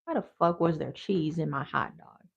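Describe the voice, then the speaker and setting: A woman's voice: low-pitched, normal speed, gravelly. A woman from Wisconsin telling a story in a casual, chatty, blunt way as a vlogger. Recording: dull lo-fi audio.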